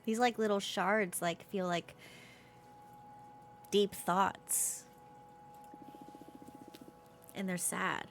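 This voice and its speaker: A woman's voice: mid-range voice, steady tone, takes it slowly, long pauses, faint music behind. A woman streaming a video game at home, chatting casually with her viewers and reacting aloud with frequent laughs.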